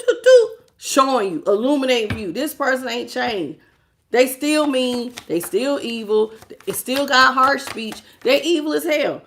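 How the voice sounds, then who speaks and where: Woman reading tarot cards, kinda high voice, sassy and blunt, laughs a lot. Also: a bit bright. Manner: sassy, emphatic, laughs often. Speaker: tarot reader. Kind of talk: casual tarot reading to camera.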